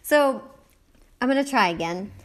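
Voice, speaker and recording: A woman's voice: fairly high pitch, lively intonation, measured pace. A woman hosting a casual livestream, giggling often as she reads viewer comments aloud. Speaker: livestream host.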